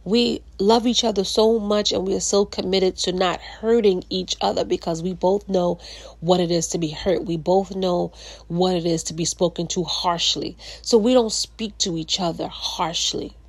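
A woman's voice: lowish voice, fairly even intonation, normal speed, no room sound. A woman podcast host talking casually about relationships, chatty and full of fillers, restarts and laughter.

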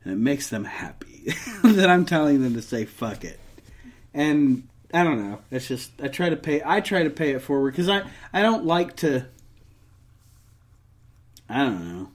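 A man co-hosting a podcast who talks in an animated, lively way, his pitch swinging up and down as he rants. He swears freely, restarts his sentences and pokes fun at himself in casual chat. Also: a little slow. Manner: ranting, self-mocking, swears freely; many restarts and trailing off. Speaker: podcast co-host.

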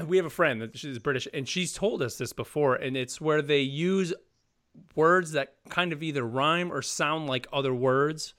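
A man's voice: a little high, moderate pace, fairly bright tone. Chatty man recapping a show. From United States. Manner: rambling, laughs often, retells scenes. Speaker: podcast co-host. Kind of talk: casual chat recapping a TV episode.

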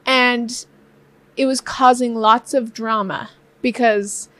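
A woman with a bright, high voice chats playfully with her husband. She tells the story with lots of laughter and acts out the quotes. The sound is close and dry, with no room echo. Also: slow. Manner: animated and playful, laughing often, acting out quotes. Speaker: co-host of a couple's channel. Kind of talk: casual storytelling chat.

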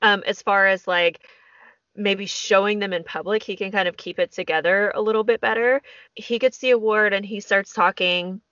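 A woman's voice: mid-range voice, fairly even intonation, moderate pace, a bit bright, no room sound, lo-fi sound. A woman co-hosting a podcast in casual chat, emotional as she recounts events and quotes speeches at length. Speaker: podcast co-host.

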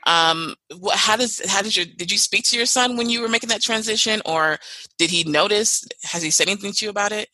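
A podcast host with a bright, crisp voice, recorded dry and close. The host speaks earnestly and openly. Stories come out expressively, with lively swings in tone. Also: medium pitch, fairly quick, no echo, rough recording. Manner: earnest, expressive, animated when telling stories. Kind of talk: conversational interview.

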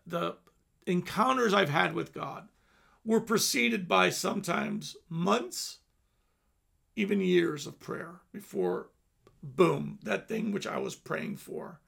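A man's voice: high voice, creaky, a bit bright, breathy edge. A man in his fifties preaching an earnest sermon, dropping at times to near-whispers. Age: 50s. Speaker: pastor.

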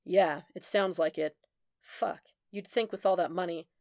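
A woman's voice: lowish voice, steady tone, a little slow, a little mellow, dry recording, clean studio sound. A woman doing a brash, sly investigator. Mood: sardonic. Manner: blunt and sardonic.

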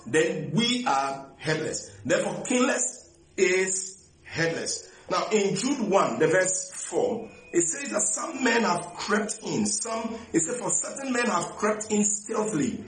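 A man's voice: on the high side, reverberant, rough recording. A man preaching a sermon, repeating key phrases emphatically and often restarting his sentences.

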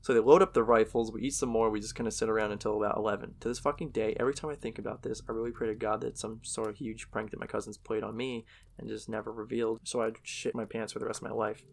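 Male horror storyteller, low gravelly voice, casual and profane. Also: steady tone, fast talker.

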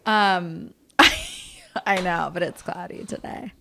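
A woman's voice: on the low side, huge pitch swings, slow, creaky, very noisy. A young woman co-hosts a casual podcast chat. She talks animatedly, swears freely and slips into acted-out quotes of what other people might say. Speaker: podcast co-host.

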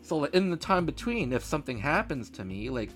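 A man's voice: fairly high pitch, a little fast, soft background music. Ranting man on a casual podcast. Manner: animated ranting with profanity, acts out both sides of a phone call. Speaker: podcast co-host.

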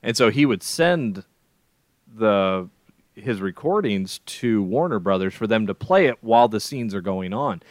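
Rambling animated man, dry close mic. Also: fairly low pitch, unhurried, no room sound. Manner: rambling, animated, many restarts. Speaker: podcast co-host. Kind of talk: casual film chat.

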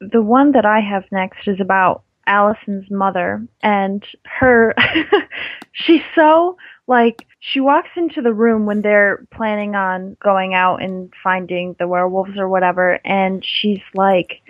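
A woman's voice: mid-range voice, slow, no echo, highs cut off. A woman co-hosting a podcast over a remote call, chatty and giggly in casual conversation. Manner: chatty and giggly, many fillers. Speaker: podcast co-host. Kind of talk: casual chat.

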